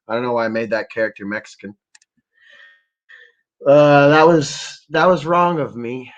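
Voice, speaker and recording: A man hosting a livestream, ranting in an angry, profanity-heavy ramble that wanders between topics. His voice sits at a middling pitch, and the audio is slightly dull and lo-fi. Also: normal speed, long pauses. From Ontario, Canada. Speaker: livestream host.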